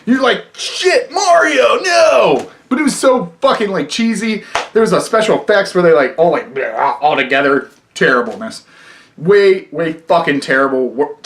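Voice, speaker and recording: A man's voice: fairly high pitch, a bit bright. A young man reviewing a film in a casual vlog, rambling with lots of fillers and frequent swearing. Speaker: movie reviewer.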